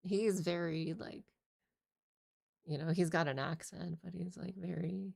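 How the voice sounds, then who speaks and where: A woman's voice: lowish voice, steady tone, unhurried, gravelly, a little mellow, husky, dry recording, studio quality. A woman content creator telling a casual story in a rambling, exasperated way, swearing often. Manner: rambling, profane, exasperated retelling.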